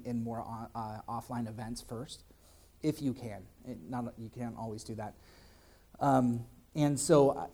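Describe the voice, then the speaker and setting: A man's voice: mid-range voice, dark tone. A man giving a casual conference presentation and answering audience questions, with many fillers and restarts. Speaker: conference speaker. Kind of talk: live presentation and Q&A.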